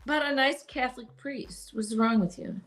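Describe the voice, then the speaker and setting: A woman's voice: high voice, moderate pace. A woman co-hosting a comedy podcast, joking in casual banter with teasing, playful suggestions.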